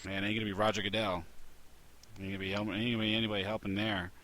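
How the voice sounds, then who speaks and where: A man hosting a casual podcast, telling an animated story with lots of restarts. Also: fairly low pitch, rapid-fire. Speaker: podcast host.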